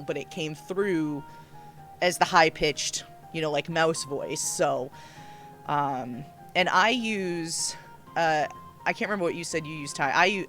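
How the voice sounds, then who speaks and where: A woman's voice: deep voice, a bit bright. A woman hosting a casual roundtable chat, talking loosely with many fillers and restarts. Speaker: host.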